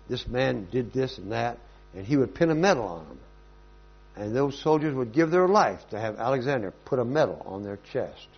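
A man preaching a sermon and telling stories in a lively, emphatic way. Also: medium pitch, slightly rough, lo-fi sound.

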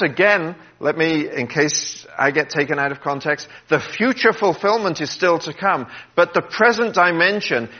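A man preaching a sermon in an earnest voice, dropping low and quiet when he quotes Jesus. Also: lo-fi sound. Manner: earnest, drops to a hush when quoting, gets emotional.

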